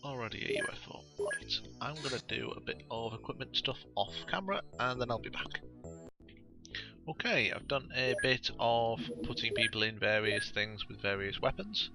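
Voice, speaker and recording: Chatty man with a gravelly voice. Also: medium pitch, moderate pace, music in the background. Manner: chatty, rambling, full of ums and uhs. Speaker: let's play gamer. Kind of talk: casual gameplay commentary.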